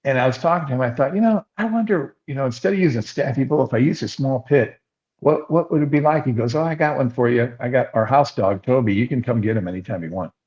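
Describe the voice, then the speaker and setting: A man's voice: mid-range voice, quick pace, a little mellow. An older man, a podcast co-host, telling rambling anecdotes in casual chat and acting out the quotes. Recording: slightly dull lo-fi sound.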